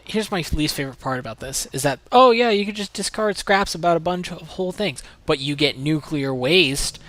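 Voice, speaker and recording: A man's voice: on the high side, animated, normal speed, hardly any pauses, a bit bright. A man streaming a video game, chatting casually and rambling as he plays, sometimes swearing. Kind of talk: casual livestream commentary while playing.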